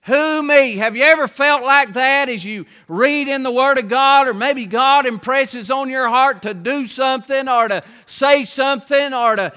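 A man's voice: very high-pitched, sharp tone, clear, resonant tone. A man preaching a sermon as pastor, telling a Bible story in a folksy way with many rhetorical questions, in a church. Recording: long hall reverb.

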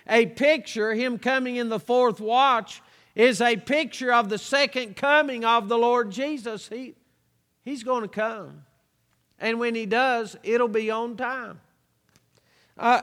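A preacher with a very high voice, speaking at an unhurried, deliberate pace. He draws out each verse and drops in homespun asides, and his words ring with a long reverb in a church sanctuary. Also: a bit bright. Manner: slow drawn-out scripture reading, folksy asides. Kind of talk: sermon.

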